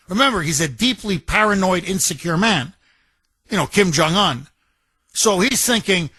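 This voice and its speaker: Man, radio talk host, high voice, dry close studio sound, animated storytelling. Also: normal speed, husky, dry recording. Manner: animated storyteller, acts out quotes.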